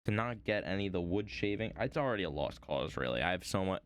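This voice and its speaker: Rambling man with lively pitch. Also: fast talker, smooth, no echo. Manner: rambling, playful, talks to chat. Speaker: streamer. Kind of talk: casual chat while woodcarving.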